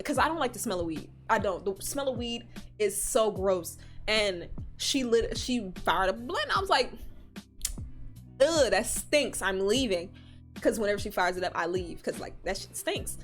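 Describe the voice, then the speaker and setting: A young woman with a fairly high voice tells a casual storytime for her vlog. She is animated and swears freely, and her voice leaps up high when she acts out scenes. Faint music plays under her. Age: young adult. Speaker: vlogger.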